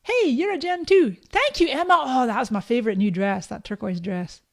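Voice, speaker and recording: Brisk and expressive, with a slightly high voice, the host of a live social media training walks viewers through software on a stream. She's a Canadian in her fifties with a Scottish accent, chatty and upbeat.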